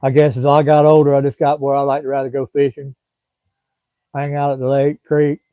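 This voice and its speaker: A man's voice: mid-range voice, completely flat delivery, a little fast, no room sound. Folksy Southern man chatting on a tinny line. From Florida. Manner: rambling, folksy, drawling, chats to commenters by name. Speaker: livestream host. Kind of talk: casual live-stream chat with viewers. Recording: dry, thin phone-like sound.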